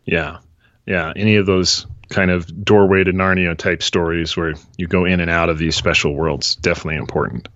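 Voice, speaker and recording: A deep-voiced man hosting a podcast, chatting and reading a story excerpt at a steady, measured pace. The recording is dry and somewhat dull in tone. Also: dry recording. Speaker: podcast host. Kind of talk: casual chat and reading aloud.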